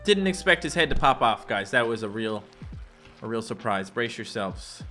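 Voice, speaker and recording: A young man giving jokey let's play commentary on a video game, now and then leaping into squeaky put-on voices. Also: moderate pace, music in the background. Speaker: gaming YouTuber.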